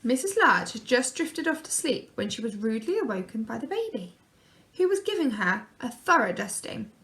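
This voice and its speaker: A woman reading a children's picture book aloud, gently and expressively. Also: on the high side, big pitch swings, normal speed. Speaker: storyteller.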